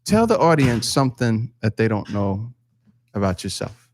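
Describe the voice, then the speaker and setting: A man hosting a talk show who calmly asks the guest questions. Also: on the low side, moderate pace. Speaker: host. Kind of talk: casual talk show conversation.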